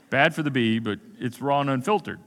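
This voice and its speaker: A man's voice: mid-range voice, a bit bright. A man preaching a sermon as pastor, conversational and emphatic, repeating key phrases and acting out quoted asides. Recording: long hall reverb.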